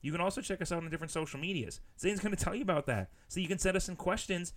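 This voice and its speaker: Dude cohosting a podcast, goofy rambling chat. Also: male voice, high voice, racing, slight background noise. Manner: jokey, rambling, slips into mock voices. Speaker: podcast co-host. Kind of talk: casual chat.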